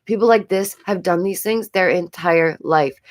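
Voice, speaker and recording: Host: New York-accented woman, lowish voice, stuffy nose, chatty live-stream commentary with frequent giggles. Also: normal speed. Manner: chatty, repeats phrases, giggles often.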